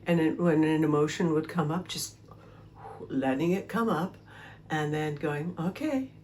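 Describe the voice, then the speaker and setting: A woman hosting her own podcast, telling a personal story in a chatty, animated way and talking to herself as she tells it. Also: low-pitched, measured pace, a little hiss or hum. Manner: chatty, animated retelling with self-talk and laughter. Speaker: podcast host; homeowner and cat owner. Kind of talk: casual storytelling monologue.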